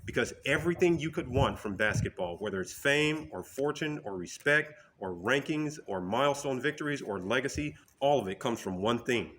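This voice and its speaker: A man's voice: medium pitch, expressive, moderate pace, few pauses, a bit bright, slight background noise. Emphatic man giving a motivational talk. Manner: emphatic, storytelling, direct.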